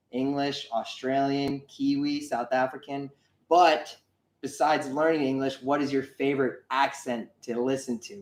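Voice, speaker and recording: A man's voice: mid-range voice, a little mellow. A man co-hosting a casual livestream, upbeat and rambling as he greets viewers and reads the chat. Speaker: livestream co-host. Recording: echoey room.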